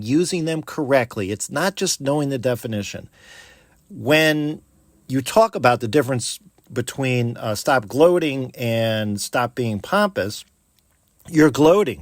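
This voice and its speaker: A man's voice: medium pitch, no echo, studio quality. A man who is a teacher, talking casually about vocabulary, acting out classroom quotes with lots of fillers. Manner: animated, acts out classroom quotes, frequent fillers. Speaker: teacher and podcast host. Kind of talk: casual educational talk.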